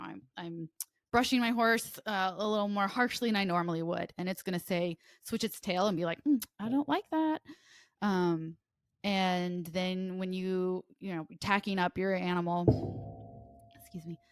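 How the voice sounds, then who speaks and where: A woman co-hosting a casual podcast, talking fast and nervously with many fillers and restarts. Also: lowish voice, no echo, studio quality. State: nervous and sweaty. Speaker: podcast co-host.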